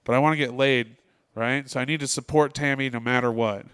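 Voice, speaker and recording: A male comedian performs a stand-up set in a comedy club, telling deadpan stories and quoting the people in them. His voice is mid-range and smooth, moving fairly quickly.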